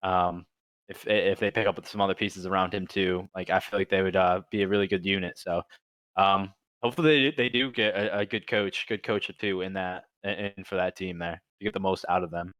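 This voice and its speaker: Young male co-host, low voice, dry close sound, stumbling and repeating words. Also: steady tone, fairly quick, a bit bright, no echo. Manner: hesitant, repeats words, lots of "like". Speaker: podcast co-host. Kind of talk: casual esports talk show chat.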